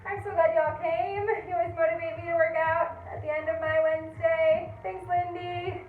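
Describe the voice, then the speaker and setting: A woman barre instructor leading a live online workout class with calm, encouraging step-by-step cues, then chatting casually. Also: extremely high pitch, normal speed, a little hiss or hum. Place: home in Denver. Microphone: video call. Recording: tinny, distant, roomy video-call audio.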